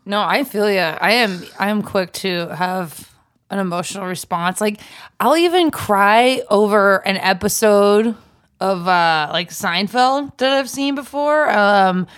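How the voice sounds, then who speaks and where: A woman's voice: mid-range voice, a little slow, a bit bright, smooth. A young woman co-hosting a podcast, joking sarcastically and swearing casually. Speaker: podcast co-host. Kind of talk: casual chat.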